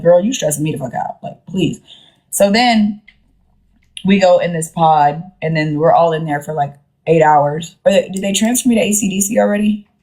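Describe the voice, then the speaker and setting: A young woman with a low voice chats into her phone on a live stream. She rambles through a story, slangy and loose, slipping into the voices of the people she quotes. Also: darkish tone.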